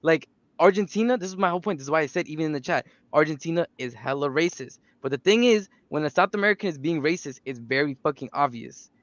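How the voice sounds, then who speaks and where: A man's voice: a little high, expressive, quick pace, few pauses, no room sound, highs cut off. A man hosting a livestream, cutting in to explain and add context. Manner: casual, interjecting, explanatory. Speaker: stream host. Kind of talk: livestream discussion.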